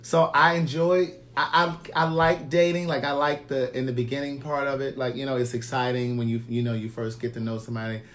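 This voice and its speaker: A man from the Baltimore area hosting a casual live chat, telling stories loudly with animated energy. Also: mid-range voice, a little fast, few pauses. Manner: loud, animated storytelling. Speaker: host.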